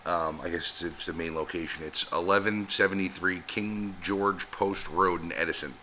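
A man's voice: low-pitched, fairly even intonation, moderate pace, sharp tone, a little hiss or hum. A man chatting on a podcast, chiming in with short remarks and rambling asides. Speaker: podcast co-host. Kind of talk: casual chat.

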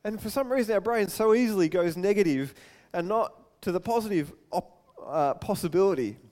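Here a high-voiced male pastor gives his sermon, keeping it animated and talkative with light self-mockery and rapid little digressions.

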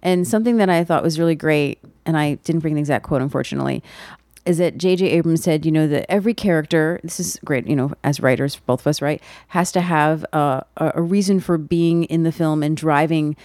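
Low-voiced woman podcast co-host, dry sound. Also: fairly quick, dry recording. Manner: chatty, trails off and restarts, animated when recounting. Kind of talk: casual chat.

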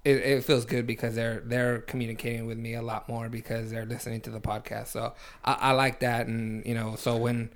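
A man's voice: mid-range voice, flat delivery, fairly quick, few pauses. Young male podcast co-host, casual, rambling anecdotes, plenty of fillers. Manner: rambling storyteller, lots of fillers and restarts. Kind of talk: casual chat.

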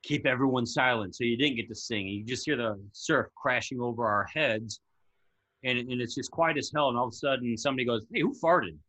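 Animated storytelling man, bright husky voice. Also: mid-range voice, a little fast, poor audio. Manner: animated storyteller who acts out quotes. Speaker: podcast guest, former Navy SEAL instructor. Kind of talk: casual chat.

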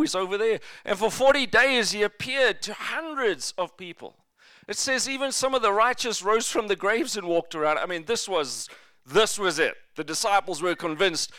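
A man's voice: sits high, normal speed, clean tone, no room sound, clean studio sound. A male pastor preaching a sermon in a church, telling stories and slipping in jokes. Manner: jokey, lively storytelling preacher.

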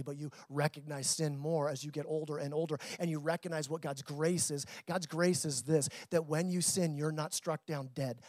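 A pastor preaches a sermon to his church in a conversational style, repeating words as his intensity builds and drops. His voice is a little high, and the recording has no echo.

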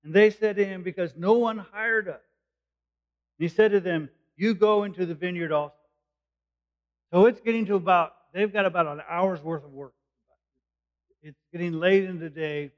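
A man's voice: high-pitched, normal speed, pauses often. A man preaching a sermon, explaining a passage verse by verse in plain, conversational words. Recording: dull lo-fi recording.

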